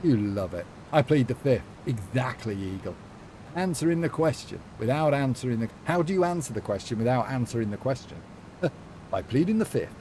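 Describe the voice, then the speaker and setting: Male streamer, young, playful and sassy, warm low-key tone, lively pitch. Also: brisk, slight background noise. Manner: playful, sassy, rambling with lots of fillers. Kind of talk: casual live-stream chat while gaming.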